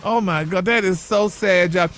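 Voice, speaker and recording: Sassy high-voiced man dishing gossip. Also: normal speed, a bit bright, soft background music. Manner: flamboyant, sassy, peppers talk with honey and y'all. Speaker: gossip correspondent. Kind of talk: radio morning show gossip segment.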